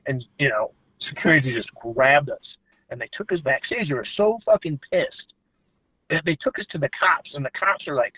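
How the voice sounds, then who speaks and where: A man's voice: a little high, expressive, moderate pace, sharp tone, husky, dry recording, dull audio. A man talking as a podcast guest, rambling loosely with lots of "you know" and "like.". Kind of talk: casual chat.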